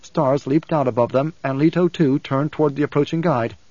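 A man's voice: a little high, fairly quick, a little mellow, no room sound, muffled recording. Man reading a novel aloud, dry sound. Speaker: audiobook narrator. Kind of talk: scripted narration.

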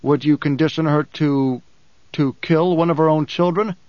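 A man's voice: on the high side, fairly even intonation, moderate pace, darkish tone, no room sound, highs cut off, natural voice. A man voicing a blind male leader who speaks in a restrained, tightly controlled way. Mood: grim.

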